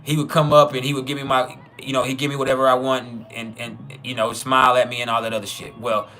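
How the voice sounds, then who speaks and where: A man's voice: mid-range voice, little pitch movement, fast talker, bright, forceful tone, faint music behind. A man casually telling a personal story, profane and chuckling, with many trailing restarts. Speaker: channel host.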